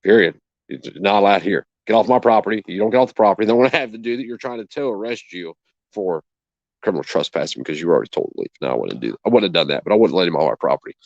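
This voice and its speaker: A man with a fairly low voice tells a story in a casual, indignant way, swearing freely and acting out what each person said. The sound is dull and lo-fi, dry and close, with no room around it. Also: animated, very fast, no room sound. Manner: indignant, profane, acts out both sides of a conversation. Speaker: channel host.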